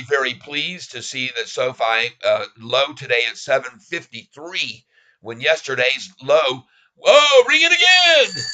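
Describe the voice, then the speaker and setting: Excited bright-voiced man streaming. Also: mid-range voice. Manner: excitable, laughs often, improvises sung jingles. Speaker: stock livestream host. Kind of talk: live stock-trading stream chat.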